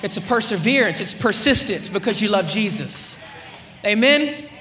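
High, bright-voiced young male preacher. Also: moderate pace, faint music behind. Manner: animated, swings from loud to hushed. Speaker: youth preacher. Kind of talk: sermon with storytelling. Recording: echoey room, faint ambience.

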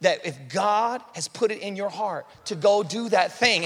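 High bright-voiced preacher in a big hall. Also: male voice, a little slow, hardly any pauses, husky, soft background music. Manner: preaching with rising fervor, acting out Bible voices and calling out to the congregation. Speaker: pastor. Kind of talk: sermon. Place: large church hall. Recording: long reverb of a large hall.

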